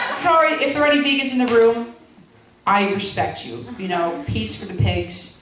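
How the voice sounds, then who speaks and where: A woman's voice: a little high, animated, normal speed. Giggly rambling woman comic in an echoey hall. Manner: rambling, self-interrupting, giggly asides. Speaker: stand-up comedian. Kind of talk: stand-up comedy storytelling. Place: school event hall. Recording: echoey hall, far from mic, noisy.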